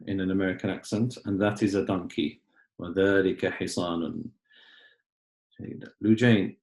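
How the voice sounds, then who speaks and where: Low-voiced man teaching Arabic, echoey room. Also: steady tone, moderate pace, a little mellow. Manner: patient, explains step by step, clears throat often. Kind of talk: online class lesson.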